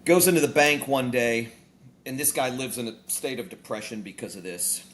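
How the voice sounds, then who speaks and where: On a talk show, a male pastor and author preaches conversationally at normal speed in a medium-pitched voice. He's an animated storyteller, acting out quoted dialogue in his illustrations and rising emphatically on key points, with a little hiss or hum in the audio.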